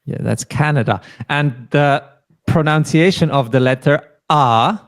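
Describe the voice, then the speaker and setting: A man runs a beginner language lesson at a patient, even pace. He explains each sound slowly and prompts his learner to say every word back. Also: a little high. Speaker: German teacher.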